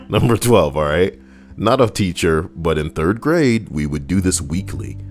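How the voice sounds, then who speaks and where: Brief: male streamer, young, reads stories and riffs with crude humor, deeper voice. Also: measured pace, a little hiss or hum. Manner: animated, profane, jokey asides. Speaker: streamer reading viewer stories. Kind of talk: livestream reading with comic riffing.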